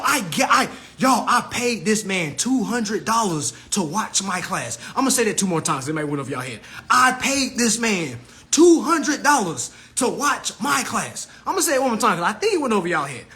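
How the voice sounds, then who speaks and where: A man with a high, bright voice tells a story straight to his viewers, jumping from loud outbursts to low asides. His pitch swoops all over the place, and he laughs often as he talks. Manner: excitable, swings between shouting and muttering, laughs often. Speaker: host of a consumer advice channel. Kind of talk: casual storytelling rant to viewers.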